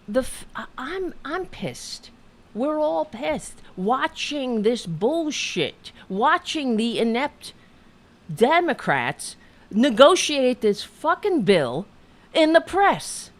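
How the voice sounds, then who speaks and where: A woman hosting a political commentary show, ranting angrily with cursing and halting restarts. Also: mid-range voice. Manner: profane, heated, halting restarts. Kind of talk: angry political rant.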